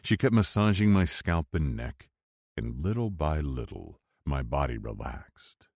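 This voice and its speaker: A man narrating a romance audiobook in the first person, with expressive storytelling. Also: extremely low pitch, a little slow, no room sound, studio quality. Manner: expressive storytelling, wide swings for dialogue.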